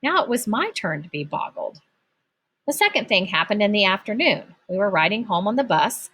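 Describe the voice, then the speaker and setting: A woman narrating a children's book aloud in an expressive storytelling manner. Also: medium pitch, moderate pace, slightly rough. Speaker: audiobook narrator.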